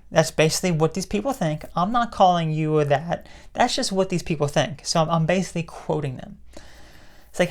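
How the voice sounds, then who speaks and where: A woman's voice: low-pitched, a little mellow. A woman giving her opinions in a casual vlog. She rambles, restarts her sentences often and laughs to herself. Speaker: political commentary vlogger.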